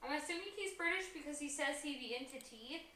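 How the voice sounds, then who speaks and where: A woman's voice: high-pitched, fast talker, sharp tone, reverberant, recorded from a distance. A woman on a casual live stream, reading viewers' comments aloud and teasing them. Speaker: co-host reading chat.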